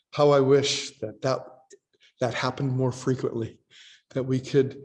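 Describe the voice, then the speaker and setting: A man's voice: medium pitch, a little mellow, in a large hall. A man preaching a sermon, teaching in a conversational tone as he reads scripture aloud and acts out voices.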